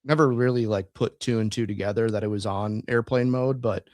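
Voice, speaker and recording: A man's voice: fairly low pitch, brisk, darkish tone, dry recording, clean studio sound. A man co-hosting a casual podcast, telling laid-back stories with plenty of filler words. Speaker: podcast co-host.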